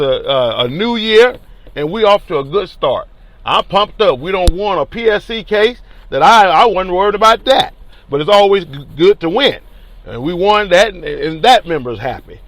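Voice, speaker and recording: A man, a teachers union leader telling a story in an animated, colloquial and emphatic way. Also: high voice, normal speed, no room sound. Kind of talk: casual spoken storytelling.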